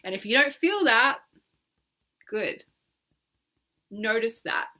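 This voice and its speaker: A woman's voice: a little high, lively intonation, slow pace, bright, forceful tone. A young woman leading a guided tapping session in a playful, coaxing way, laughing often and exaggerating her words. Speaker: EFT tapping coach.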